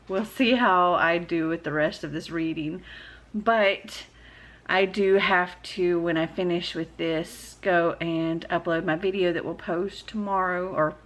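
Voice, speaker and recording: A woman talks casually to her phone camera in a room at home, rambling from thought to thought and laughing easily. Her pitch sits in the middle of the range for a woman, and her tone is relaxed and chatty. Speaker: book vlogger. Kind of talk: casual vlog chat. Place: indoors at a house.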